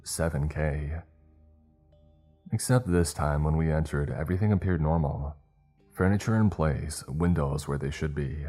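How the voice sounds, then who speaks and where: Very deep-voiced male horror narrator. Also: husky, soft background music. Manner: steady, measured storytelling.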